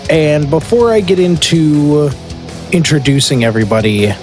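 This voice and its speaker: A man hosting a casual podcast who talks haltingly, with many fillers and restarts. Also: on the high side, lively intonation, darkish tone, big-room sound, faint music behind. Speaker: podcast host. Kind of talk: casual chat.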